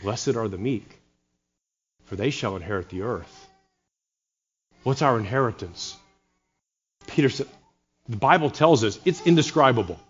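An earnest man preaches a sermon in a mid-pitched voice and drops in dry, sarcastic asides. The recording sounds a little dull and muffled. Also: lively intonation, unhurried, long pauses, husky, faint music behind. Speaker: pastor.

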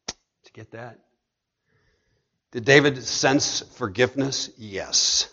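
A man delivers a sermon at a mid pitch, dropping to a hush and then building to emphatic peaks. The recording is dull and lo-fi. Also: a little slow, pauses often. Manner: dynamic, swings between hushed and emphatic. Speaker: preacher.

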